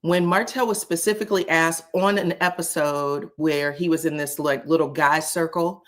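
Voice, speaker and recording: A woman's voice: deep voice, normal speed. Sassy woman spilling reality TV talk. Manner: sassy, animated, says "child" often; frequent chuckles and filler "um". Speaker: host of a reality TV commentary channel. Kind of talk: casual commentary monologue.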